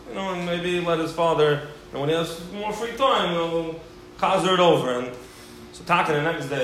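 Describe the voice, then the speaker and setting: Animated man lecturing in an echoey room. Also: on the high side. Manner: animated storyteller, acting out quoted voices. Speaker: rabbi teaching a class. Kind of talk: Torah lecture with storytelling. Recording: very echoey room, faint background hiss.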